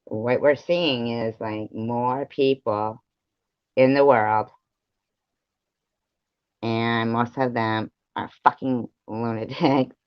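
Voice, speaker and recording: A man's voice: mid-range voice, steady tone, takes it slowly, pauses often, smooth, dry recording. A man live streaming, ranting at his viewers in a profane, rambling and confrontational way. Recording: dull lo-fi live stream audio.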